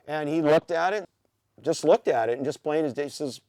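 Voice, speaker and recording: A man from the Pacific Northwest, a podcast guest telling an animated story with many "you know" fillers. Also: a little high, normal speed, no echo, studio quality. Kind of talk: casual storytelling.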